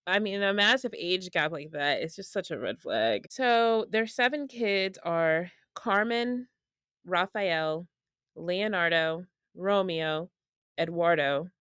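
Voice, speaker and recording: A woman's voice: on the low side, a bit bright, clean tone, no room sound, clean studio sound. A young woman co-hosting a podcast, chatting casually in a blunt, sarcastic way and laughing often. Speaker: podcast co-host. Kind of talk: casual gossip chat.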